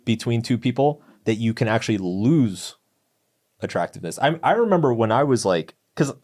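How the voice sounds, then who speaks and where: A man's voice: mid-range voice, very animated, normal speed, a little mellow. A man in his thirties musing aloud on a casual podcast, with plenty of hesitant restarts. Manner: rambling, hesitant, reflective.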